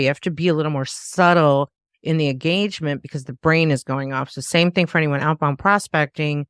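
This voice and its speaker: Woman, podcast host, smooth clear voice, dry close sound, animated storyteller. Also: low voice, a little fast, dry recording. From American South. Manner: animated, acts out quoted voices. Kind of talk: casual interview chat.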